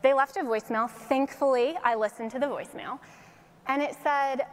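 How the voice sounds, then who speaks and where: A woman's voice: high voice, moderate pace, slight background noise. Woman from Colorado in a reverberant hall. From Colorado, United States. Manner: animated storytelling with acted quotes and laughter. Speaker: speaker addressing an audience. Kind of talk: faith-based inspirational talk.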